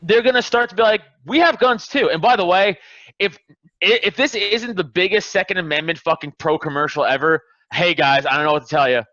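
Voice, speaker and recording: A man's voice: high voice, fairly quick, bright, forceful tone, dry recording, highs cut off. Heated, swearing man ranting on a podcast. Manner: heated, profane, emphatic ranting. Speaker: podcast host. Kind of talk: casual podcast chat.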